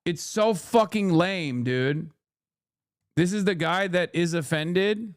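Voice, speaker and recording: A man's voice: high-pitched, takes it slowly, no echo, clean studio sound. Profane ranting male streamer. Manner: blunt, profane, restless ranting. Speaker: streamer host. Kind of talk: casual live-stream reaction.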